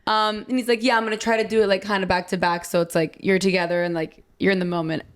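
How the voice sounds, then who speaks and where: A young woman hosts a casual podcast chat, with a voice of ordinary middle pitch. She tells her story animatedly, acting out what others said and filling it with "like". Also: fast talker. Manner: animated storytelling, acts out quotes, says "like" a lot. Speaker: podcast host.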